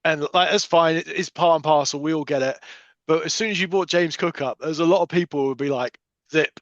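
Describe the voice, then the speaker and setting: Male host, casual interviewer, a bit high-pitched, dry and slightly dull audio. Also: quick pace, no echo. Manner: relaxed, conversational, loose phrasing. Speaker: podcast host.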